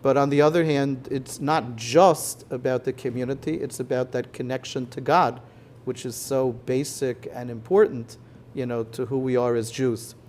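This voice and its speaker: Mellow-voiced rabbi explaining calmly. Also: male voice, medium pitch, a little hiss or hum. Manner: measured, explanatory, frequent "you know". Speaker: rabbi, head of a conversion court, guest. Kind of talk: live conversation before an audience. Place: synagogue hall with an audience.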